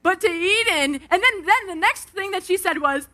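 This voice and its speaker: Very high, bright-voiced woman preaching. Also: normal speed. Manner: animated, acts out quotes, calls on the crowd. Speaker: speaker at a live Christian event. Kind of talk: energetic devotional talk with storytelling. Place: outdoor event stage.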